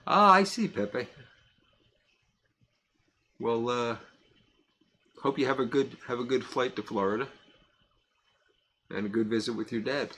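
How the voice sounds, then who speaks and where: A man's voice: mid-range voice, a little slow, pauses often, bright, forceful tone, husky. A man hosting a casual live stream, reading out viewer comments, chuckling often and rambling a little. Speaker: host of a live pipe-smoking stream.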